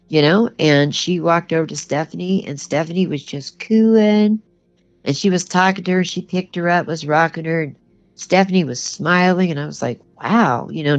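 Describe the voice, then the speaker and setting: Here an older woman's creaky, low voice is expressive and moderately paced as she shares a personal story as a guest. Earnest and plain in her manner, she keeps saying "you know," and faint music plays under the dull lo-fi sound.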